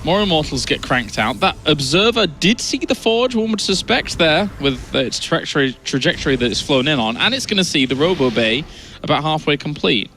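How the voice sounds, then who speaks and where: A man calling the action of a live esports match, trading quick banter with his co-caster. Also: a little high, very animated, bright, forceful tone, a little hiss or hum. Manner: play-by-play, upbeat banter with co-caster. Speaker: esports commentator. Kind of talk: live game commentary.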